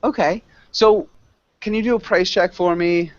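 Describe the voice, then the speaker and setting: A man teaching an online English class, encouraging his students, laughing often and correcting them slowly. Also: high voice, fairly even intonation, no echo, lo-fi sound.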